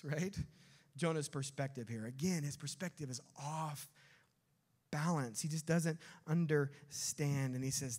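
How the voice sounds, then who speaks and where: A male pastor preaching a sermon, animated and dropping to quiet emphasis on key words. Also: on the high side, unhurried. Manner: animated, acts out quotes, drops to quiet emphasis.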